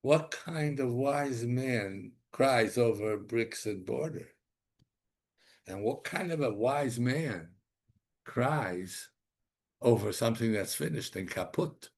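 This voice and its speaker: A man's voice: medium pitch, lively intonation, takes it slowly. A man voicing an ancient philosopher, a skeptical man who scoffs. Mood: scoffing.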